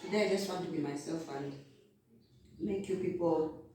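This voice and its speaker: Sitting on the floor indoors, the vlogger gives direct, unvarnished business motivation in a fairly low voice at a moderate pace, eating as she goes. A faraway mic picks up heavy room echo and a bit of background noise.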